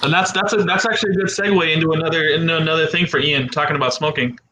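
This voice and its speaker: A man's voice: on the high side, steady tone, racing, sharp tone, a little hiss or hum, poor audio. A man hosting a casual livestream chat with friends, rambling and repeating words as he talks. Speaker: livestream host.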